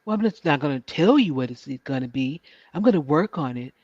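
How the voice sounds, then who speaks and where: A man putting on a boastful evasive ex-president, higher-pitched, dry sound, muffled lo-fi audio. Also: lively intonation, brisk, darkish tone, breathy edge, dry recording. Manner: smug, rambling, dodges questions. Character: boastful evasive male ex-president, middle-aged. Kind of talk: comedic political impression on a livestream. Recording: dry, dull lo-fi stream audio.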